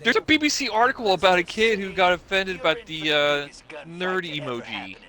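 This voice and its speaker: A man's voice: high voice, animated, normal speed, bright, forceful tone. A man in casual gaming chat, reacting to the others with bits of news.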